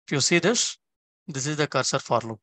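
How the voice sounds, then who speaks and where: A man's voice: fairly high pitch, expressive, fairly quick, fairly bright tone, dry recording. Man teaching code step by step. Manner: explains step by step, often checking in with "okay?". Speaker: instructor. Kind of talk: screen-recorded coding tutorial.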